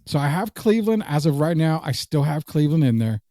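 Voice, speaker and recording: A man's voice: fairly high pitch, sing-song, a little fast, dark tone, dry recording, clean studio sound. A man co-hosting a casual sports podcast, joking and reading live comments aloud. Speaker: podcast co-host.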